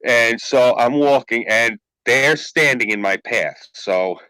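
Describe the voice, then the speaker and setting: A man's voice: medium pitch, slow pace, dry recording, rough recording. A man hosting a podcast, telling a story in a casual, profane way. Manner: profane, animated anecdote-telling. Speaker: podcast host.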